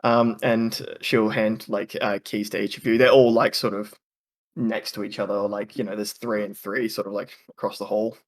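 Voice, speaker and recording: A man's voice: on the low side, level tone, normal speed. A man narrating a tabletop game as the game master, hesitant and full of fillers. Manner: hesitant, full of ums and likes.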